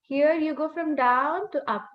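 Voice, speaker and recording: Female language teacher, high voice, patient and repetitive, slightly dull webinar audio. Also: measured pace. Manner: patient, repeats key points, models sounds. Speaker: Mandarin teacher. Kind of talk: online language lesson.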